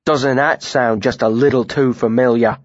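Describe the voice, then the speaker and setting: A man's voice: medium pitch, fairly even intonation, normal speed, no echo, natural voice. A man voicing a surly, indignant young male mercenary who grumbles and picks fights. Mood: combative. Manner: grumbling, combative. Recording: dry, slightly muffled studio recording.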